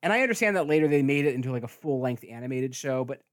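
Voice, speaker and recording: A middle-aged man, a guest podcaster, chatting casually, lively and prone to rambling. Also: medium pitch, rapid-fire. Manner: lively, laughs easily, rambling. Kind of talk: casual chat.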